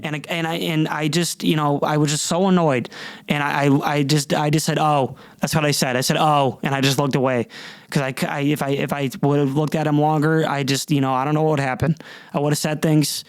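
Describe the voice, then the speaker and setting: An exasperated man rants on his podcast, cursing freely and tripping over his own restarts. His voice sits a bit high for a man. The sound is close and dry, with no room echo. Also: little pitch movement, brisk, clean tone. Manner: profane, exasperated, rambling with many restarts. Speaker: podcast host. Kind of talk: casual storytelling rant.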